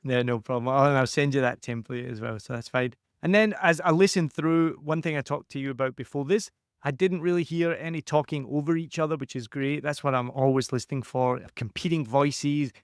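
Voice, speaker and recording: A man hosting a podcast who coaches his guest in a lively, conversational way and acts out quotes with added pitch. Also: fairly quick, clean tone, dry recording, studio quality.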